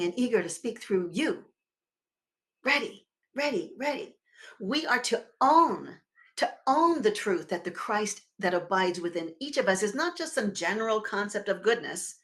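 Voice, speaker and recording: A woman minister delivers a sermon in a conversational, expressive way, her mid-range voice suddenly swelling and dropping in loudness. She also leads the congregation in repeating words together.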